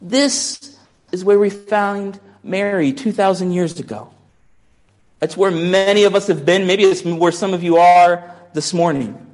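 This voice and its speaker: A man's voice: sits high, measured pace, darkish tone. A pastor preaching a sermon in a musing, conversational way, often restarting his sentences.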